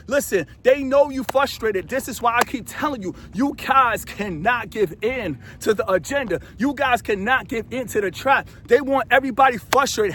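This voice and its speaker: A man delivers a preachy motivational talk straight into his phone while standing outdoors in the desert, hammering points home with rhetorical questions and repetition. His voice sits high for a man. Faint outdoor noise runs underneath. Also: fairly bright tone. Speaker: motivational vlogger. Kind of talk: casual motivational monologue. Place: outdoors in a remote desert area.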